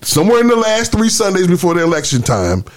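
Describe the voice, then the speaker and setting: A man's voice: high-pitched, huge pitch swings, quick pace. A man, co-hosting a casual podcast discussion in an emphatic, preachy way. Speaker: podcast co-host.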